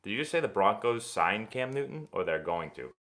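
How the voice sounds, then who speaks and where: Animated man chatting sports on a live stream. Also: lowish voice, brisk. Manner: animated, rambling sports-fan talk with frequent restarts. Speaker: host of a live baseball Q&A stream. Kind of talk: casual live-stream chat answering viewer questions.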